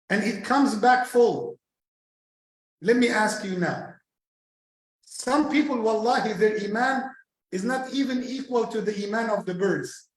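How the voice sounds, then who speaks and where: A high-pitched man preaching as imam, retelling a personal story and repeating his phrases for emphasis. He acts out the back-and-forth of the people in the story. The voice rings around an echoey mosque hall. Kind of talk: sermon reflection with personal story.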